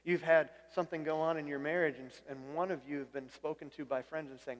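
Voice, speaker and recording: Speaking fast in a voice on the high side with a steady tone, a pastor delivers a conversational sermon, and a long reverb tail follows his words. He often restarts phrases, repeating words, and poses questions to the congregation.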